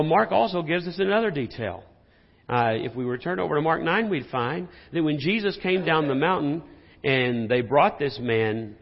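Animated preaching man in a reverberant hall. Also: medium pitch, gravelly. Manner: animated, rhetorical questions to the congregation. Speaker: pastor. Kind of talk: sermon. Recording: dull sound in a reverberant hall.

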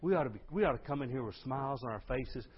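Preaching a sermon to his congregation in a church sanctuary, an exuberant pastor talks fast, his husky, middle-pitched voice leaping up in excitement before dropping low. He swings between loud and hushed, and the recording sounds dull and lo-fi.

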